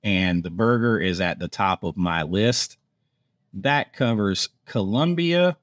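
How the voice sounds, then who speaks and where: In studio-quality audio with no room sound, a Georgia man who vlogs about theme parks chats his way through food menus. His fairly low voice is expressive and unhurried, and he laughs at himself whenever foreign words trip him up.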